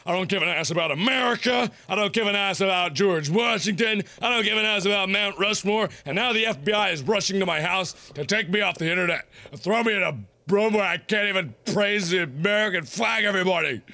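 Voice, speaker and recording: A man in his twenties hosting a gaming video, loud and goofy, ranting and rambling between frustrated outbursts. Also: high voice, fairly quick, vocal fry. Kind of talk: let's play commentary.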